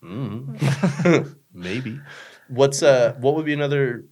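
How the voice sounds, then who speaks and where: A man's voice: medium pitch, slow pace, darkish tone. A young man chatting casually as a podcast guest, rambling with lots of fillers, swearing and joking. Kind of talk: casual chat.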